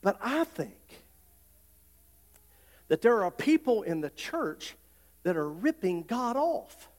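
A middle-aged male pastor, preaching a folksy sermon that swells into loud, repeated declarations. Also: sits high, big pitch swings, slow. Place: church sanctuary. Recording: long hall reverb.

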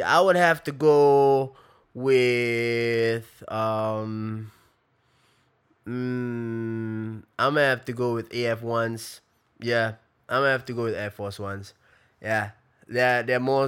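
A man's voice: medium pitch, fairly bright tone, clean tone. A man, answering fan questions in a loose, slangy live chat on his phone, repeating phrases while he thinks. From Malaysia.

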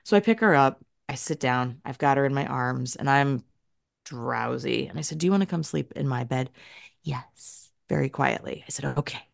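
A woman in her thirties co-hosting a podcast, chatting casually and telling stories in a lively, animated way. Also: very deep voice, normal speed, gravelly, no room sound, clean studio sound. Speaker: podcast co-host. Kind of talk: casual chat.

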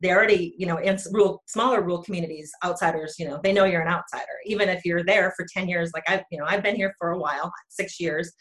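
A lower-voiced woman from North Dakota speaking as a podcast guest. She is chatty and self-deprecating, with plenty of "um" and "you know.". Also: quick pace, hardly any pauses, a bit bright. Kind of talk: casual chat.

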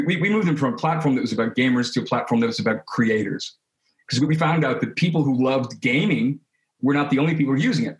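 A man guesting on an interview, talking in an animated, casual way with quick restarts and repeated words. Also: medium pitch. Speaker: interview guest, creative studio head. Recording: roomy echo.

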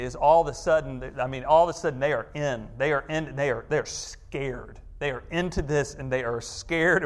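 A man preaching a conversational sermon, emphatic and repetitive, firing rhetorical questions and sometimes sinking to a hushed, slow voice. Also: medium pitch. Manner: emphatic, repeats phrases, asks rhetorical questions; drops to a hushed, slow voice for tender moments. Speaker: pastor.

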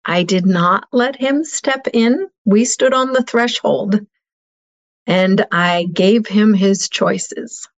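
A middle-aged woman recounts her story with heartfelt earnestness, taking her time over every phrase. Her voice sits at an ordinary pitch. The recording is somewhat dull and lo-fi. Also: takes it slowly. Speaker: guest. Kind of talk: personal storytelling interview.

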